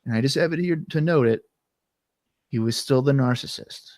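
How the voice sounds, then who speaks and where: A man's voice: mid-range voice, moderate pace, a little mellow, no room sound. A man co-hosting a podcast in casual chat, talking loosely and trailing off at the ends of sentences, his throat catching. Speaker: podcast co-host. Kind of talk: casual chat recapping wrestling.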